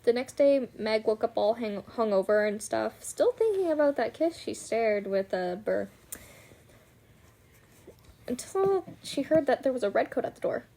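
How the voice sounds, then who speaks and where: A woman's voice: on the high side, very animated, unhurried, gravelly, dark tone. A woman book vlogger who gives a casual, chatty plot recap, full of fillers and swearing.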